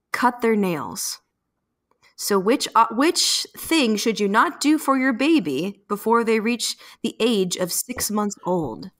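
A woman hosting a casual podcast quiz, reading out the questions and multiple-choice options in a slow, playful way. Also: fairly high pitch, fairly bright tone. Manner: playful, reads options slowly.

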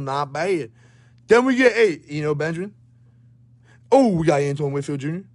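A young man with a hoarse, worn-out voice, frantically narrating a card pack opening at home, swearing and shouting in disbelief while filming on his phone. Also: a little high, animated, normal speed. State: hoarse, voice shot. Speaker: sports card pack breaker. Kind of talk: hyped live pack-opening commentary. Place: at home by a table.

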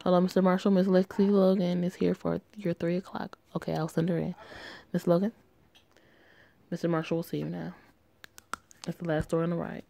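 A woman's voice: fairly low pitch, little pitch movement, fairly quick, creaky, long pauses, mellow, a little hiss or hum. A woman voicing a polite older female office secretary who calls people dear.

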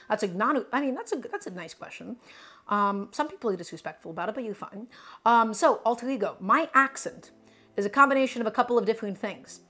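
A woman from Brooklyn with a New York accent and a slight speech impediment that softens her R sounds, chatting with viewers during a live cooking stream. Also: on the high side, lively intonation, quick pace. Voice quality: cannot pronounce R sounds. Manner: chatty, talks directly to viewers.

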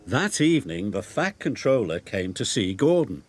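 A man narrating a children's railway story in a slow, expressive reading. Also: on the low side. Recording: loud background music.

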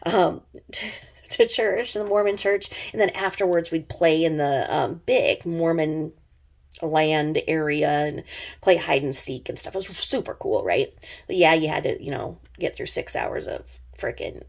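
A woman's voice: low voice, a little slow, creaky. A middle-aged woman with a slightly sore throat, rambling in casual, sarcastic commentary full of fillers. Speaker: commentary vlogger.

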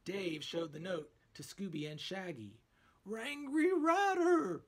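A man reading a children's picture book aloud in an expressive storytelling manner. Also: fairly high pitch, a little slow, slightly rough.

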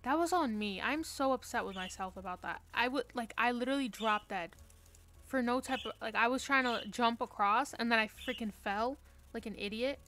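A woman's voice: on the high side, normal speed, a bit bright, faint music behind. A young woman streaming a game from her room, chatting casually with playful, self-mocking trash talk. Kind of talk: casual live-stream chat while gaming.

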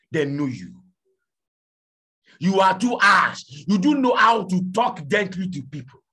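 A man preaching a fiery sermon, shouting and pleading, firing questions at his congregation. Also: on the high side, slightly rough.

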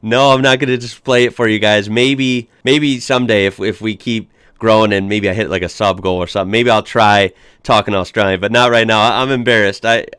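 Smooth-voiced American man, chatty. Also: fairly low pitch, steady tone, brisk, hardly any pauses, fairly bright tone, no room sound, studio quality. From United States. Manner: chatty, upbeat, with restarts and fillers. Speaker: reaction video host. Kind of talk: casual reaction commentary.

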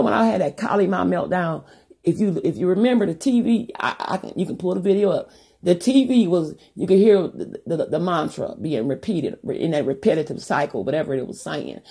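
Very husky, gravelly woman rambling to camera. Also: lowish voice, darkish tone. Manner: profane, rambling, many restarts and asides. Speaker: YouTuber. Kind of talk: rambling monologue to viewers.

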